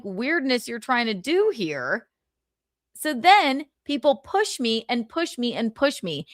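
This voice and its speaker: A woman's voice: high voice, no room sound, studio quality. A woman hosting a livestream, ranting casually with lots of swearing and exasperation. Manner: animated, profane, exasperated. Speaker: livestream host.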